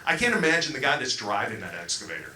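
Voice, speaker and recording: Rambling comedian in an echoey club. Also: male voice, mid-range voice, sing-song, fast, sharp tone. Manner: loose, rambling delivery with fillers and acted-out quotes. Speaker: stand-up comedian. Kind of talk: stand-up comedy set. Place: comedy club stage before a live crowd. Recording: echoey club with crowd noise. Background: crowd laughter.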